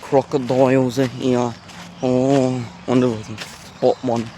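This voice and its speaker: A man's voice: mid-range voice, steady tone, slow pace, dark tone. Male vlogger, rambling and chatty, recorded outdoors on a handheld phone with faint background noise. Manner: rambling, self-aware chatter with filler words. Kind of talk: casual walking vlog. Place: outdoors at a zoo. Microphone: handheld phone camera.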